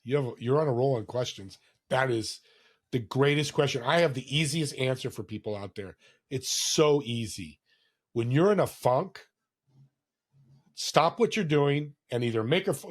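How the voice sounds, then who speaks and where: A man, a podcast guest, talking earnestly in a casual interview and telling stories with acted-out quotes. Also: medium pitch. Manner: earnest storytelling, acts out quoted voices.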